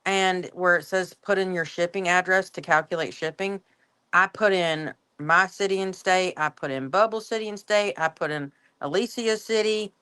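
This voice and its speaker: A woman's voice: on the low side, a bit bright, clear, resonant tone. A woman on a livestream panel, chatting casually and laughing often. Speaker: panel guest.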